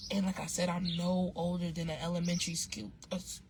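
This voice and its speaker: A woman with a somewhat low voice tells a story in a loose, slangy vlog style, often circling back and restarting her sentences. The recording is noisy, with birds chirping clearly behind her. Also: flat delivery, a little fast. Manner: rambling and slangy, with frequent restarts and fillers. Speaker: vlogger. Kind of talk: casual storytime monologue.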